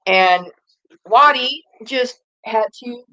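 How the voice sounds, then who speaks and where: A woman's voice: on the high side, takes it slowly, pushed and bright, rough recording. A woman vlogger chatting casually and rambling, often turning to talk to her dogs. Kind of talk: casual chat.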